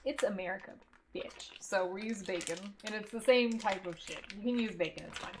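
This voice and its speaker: A woman's voice: mid-range voice, brisk, background noise. Blunt, profane woman streaming from her kitchen. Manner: blunt and profane, with clipped commands to her dog. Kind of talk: casual live-stream chat while cooking. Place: home kitchen.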